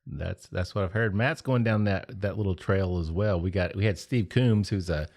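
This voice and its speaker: A deep-voiced man hosts a casual podcast, easygoing and quick to laugh. He sounds relaxed and unhurried. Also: slight background noise. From Eastern Kentucky. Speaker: podcast host.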